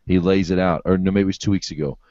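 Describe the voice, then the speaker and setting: A man's voice: sits low, fairly even intonation, fast, warm tone, dry recording. A man hosting a casual group video call, emphatic and repeating himself. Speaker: host. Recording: dull lo-fi video call audio.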